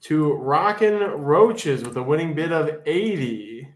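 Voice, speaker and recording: A man's voice: on the high side, expressive, takes it slowly. A man hosting a live-streamed auction in casual chat, rambling and joking as he reads out the chat. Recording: echoey room.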